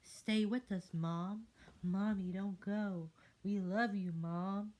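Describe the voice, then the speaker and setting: A woman voicing a group of clingy little tadpoles, calling out in high pleading cries. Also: fairly even intonation, slow pace, a little mellow, lightly acted.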